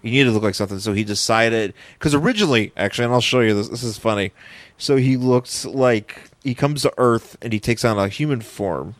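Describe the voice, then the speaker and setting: A man's voice: medium pitch, brisk, dry recording. A man co-hosting a podcast, recapping a comic in rambling casual chat that often restarts its sentences. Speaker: podcast co-host.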